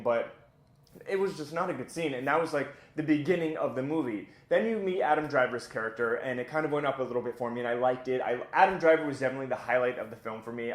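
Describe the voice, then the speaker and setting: A man's voice: mid-range voice, echoey room. A man giving a casual, blunt and opinionated spoken film review as host of his own channel, chatty with plenty of filler words.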